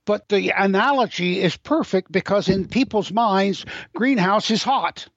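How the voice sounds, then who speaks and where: A man's voice: high-pitched, unhurried, fairly bright tone, no echo. An older man speaking as an interview guest, wry and opinionated, telling anecdotes. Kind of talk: interview conversation. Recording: dull, dry lo-fi sound.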